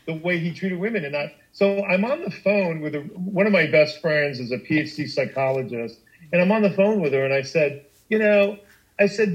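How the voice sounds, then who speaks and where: A middle-aged man telling a personal story on a podcast, animated and emphatic, with frequent restarts and swearing. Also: fairly high pitch, moderate pace, poor audio. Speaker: guest storyteller.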